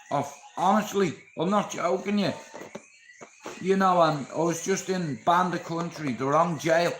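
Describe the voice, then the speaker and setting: A Dublin man streams live to his viewers and tells his story bluntly, with plenty of swearing. His voice sits a little high. It rings around an echoey room. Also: noisy background. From Ireland. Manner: blunt, heavy swearing, lively retelling.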